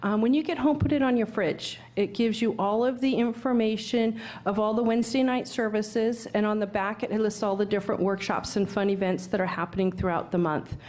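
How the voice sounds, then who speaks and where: Mellow-voiced woman minister. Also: medium pitch. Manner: calm and friendly, with small pauses. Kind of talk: church announcements. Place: church sanctuary.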